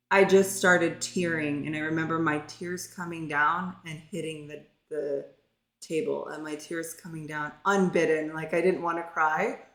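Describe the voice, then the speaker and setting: A woman in middle age recounts her own experience in an open, earnest, conversational manner. Her voice sits low, and the sound carries the echo of the room around her. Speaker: pharmacist telling her story. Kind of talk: personal storytelling.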